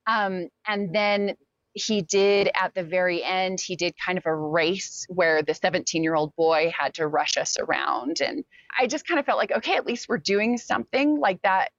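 A young woman tells her own story in an interview, candid and halting, full of "like" and "um", acting out what others said. Her voice sits a little low for a woman. The recording is dry and a bit dull, lo-fi. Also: no echo. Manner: candid, with many fillers and quoted asides. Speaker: interview guest. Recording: dull, lo-fi sound.

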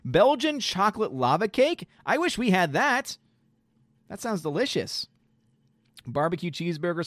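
A man chats on a casual live stream, reading viewer messages and reacting loudly. His voice sits a bit high for a man, and the recording is close and dry with no room sound. He is animated and exclamatory, with plenty of "dude" and "man.". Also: dry recording.

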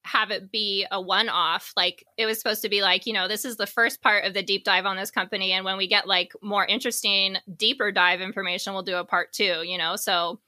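A woman's voice: mid-range voice, steady tone, fairly quick, hardly any pauses, sharp tone, no room sound, studio quality. A woman co-hosting a podcast in casual, rambling chat, full of fillers and jokes. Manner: rambling, filler-heavy, joking. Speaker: podcast co-host.

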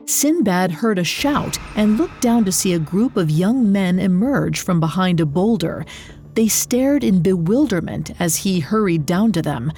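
Mellow woman narrating a story. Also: on the low side, soft background music. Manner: measured, expressive storytelling. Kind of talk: scripted narration.

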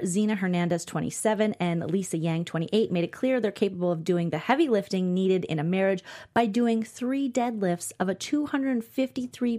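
A woman co-hosting a live online show, chatting casually and enthusiastically and reading an article aloud with her own reactions. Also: on the low side. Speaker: co-host.

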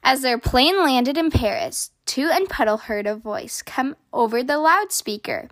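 A woman hosting a children's story podcast, reading aloud in a gentle, expressive way. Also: sits high, measured pace, hardly any pauses. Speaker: host, storyteller.

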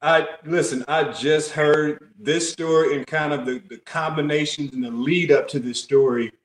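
Calm man repeating himself for emphasis. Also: a little high, moderate pace. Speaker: guest, former NBA player. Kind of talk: casual interview chat. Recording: roomy echo.

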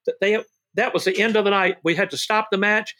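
A former wrestling manager, now an excitable older interview guest, speaks briskly in a high, bright voice. His storytelling is animated, full of shouted "woo"s and people called baby and brother.

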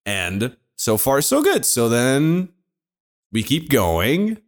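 A man's voice: mid-range voice, huge pitch swings, slow pace. A young man casually telling an embarrassing story on a podcast, rambling and laughing at himself as he goes. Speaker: podcast co-host.

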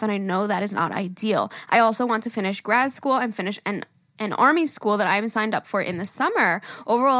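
A woman from New York co-hosting a podcast, chatting casually, laughing often and swearing as she rambles fast. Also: medium pitch, a bit bright, dry recording, clean studio sound. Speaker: podcast co-host. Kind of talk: casual chat. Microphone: studio mic.

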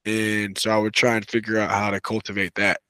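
A man talking as a wrestling coach and podcast guest in a relaxed, casual way, full of "you know" and "right.". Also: lowish voice, fairly quick, smooth, dry recording. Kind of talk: casual conversational interview.

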